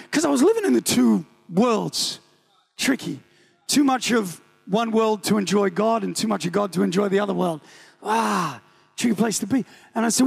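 Gravelly high-voiced New Zealand preacher. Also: male voice, normal speed. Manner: animated, joking, acts out voices. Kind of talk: sermon storytelling.

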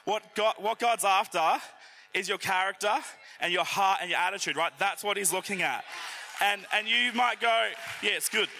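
A man's voice: high-pitched, normal speed, gravelly, bright, forceful tone, slight background noise. A young man giving a casual, joking talk at church and speaking straight to the congregation. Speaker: youth and worship team volunteer speaking at church. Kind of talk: sermon.

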